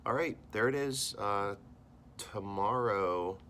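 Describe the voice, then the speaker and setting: An American man, a teacher, reads a novel aloud to his class and stops to talk about it, acting out the characters' lines with lively swings in his voice. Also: slow pace, a little hiss or hum. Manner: animated reading, voicing characters with big jumps in pitch.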